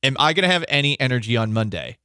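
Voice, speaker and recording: Male sports talk host, mid pitch, dry close sound, jokey riffing delivery. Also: fast, clear, resonant tone, no echo. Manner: joking, riffing, animated. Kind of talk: casual comedic sports talk.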